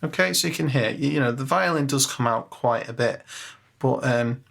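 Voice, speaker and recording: Male music tutor, mid pitch with some fry, talks casually and thinks aloud at a desk mic. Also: moderate pace. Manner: chatty, self-mocking, thinks aloud with fillers. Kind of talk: casual screen-share tutorial.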